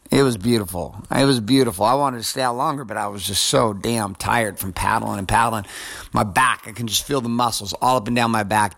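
A man's voice: mid-range voice, fairly bright tone. A man in his forties giving a casual motivational monologue, blunt and profane, talking straight to the listener. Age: 40s.

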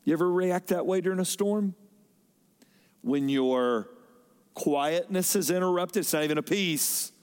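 A man preaches from the pulpit in a high voice. His delivery swings from loud emphasis to sudden soft drops. Long reverb rings through the large church hall around him. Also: a little slow, pauses often, clean tone. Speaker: pastor. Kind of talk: sermon.

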